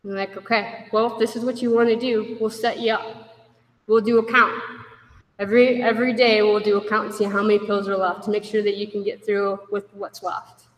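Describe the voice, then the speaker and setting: A woman's voice: medium pitch, flat delivery, a little fast. A woman shares her recovery story with a meeting in plain, candid words. She acts out the dialogue with a raised voice. Her voice rings in a big reverberant hall, picked up from some distance. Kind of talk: personal recovery story told to a group. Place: meeting room. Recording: echoey hall from far off.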